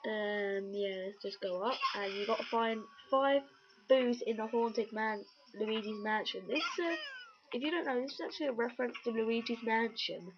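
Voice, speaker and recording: Providing rambling, joking let's-play commentary on a video game, a woman speaks at normal speed in a voice on the high side. Her webcam or computer mic produces dull lo-fi sound with loud game music, and the background is noisy.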